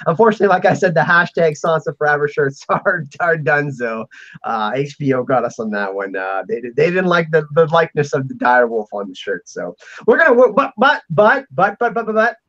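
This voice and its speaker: An excitable man hosting a chatty panel stream, his voice sitting a little high and sounding muffled and lo-fi. He rambles through announcements with frequent restarts. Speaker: podcast host. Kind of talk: casual panel chat.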